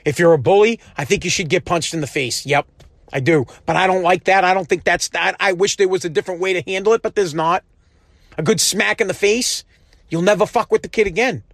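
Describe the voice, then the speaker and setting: Impassioned, profane man with a high voice. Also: brisk, a bit bright, no room sound. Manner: heated, profane, emphatic, with restarts. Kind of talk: impassioned monologue.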